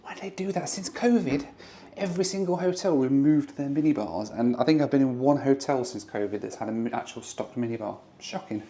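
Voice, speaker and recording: A man's voice: mid-range voice, animated, brisk, mellow, slight background noise. Chatty upbeat man vlogging. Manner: chatty, upbeat, talks to camera. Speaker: travel vlogger. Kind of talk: casual travel vlog.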